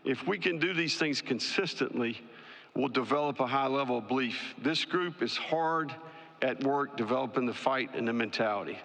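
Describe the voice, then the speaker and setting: A man, a college football head coach, giving prepared press conference remarks in a measured, emphatic, list-like way. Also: medium pitch, gravelly, fairly bright tone. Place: large media day ballroom. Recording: long reverb in a large hall.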